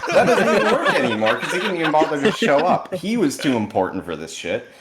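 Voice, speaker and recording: A man's voice: a little high, wildly swooping pitch, fast, heavy background noise. A man delivering a comedic roast with sarcastic, mock-earnest jokes and self-deprecating asides, recorded in a sparsely furnished new home. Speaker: roast participant. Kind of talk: comedic roast set over a video call. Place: newly moved-in, barely furnished home. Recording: echoey, sparsely furnished room.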